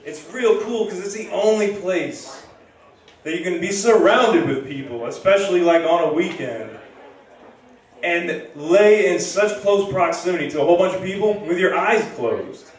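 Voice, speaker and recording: A man's voice: high voice, normal speed, distant mic. Man doing stand-up in an echoey room. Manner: casual rambling storytelling. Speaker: stand-up comedian and host. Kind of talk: stand-up comedy. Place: comedy bar stage.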